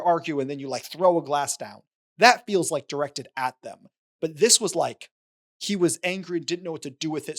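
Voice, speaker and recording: A man co-hosting a podcast, talking casually about a film and acting out lines from its scenes. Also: on the high side. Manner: animated, retells scenes with quoted lines. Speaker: podcast co-host.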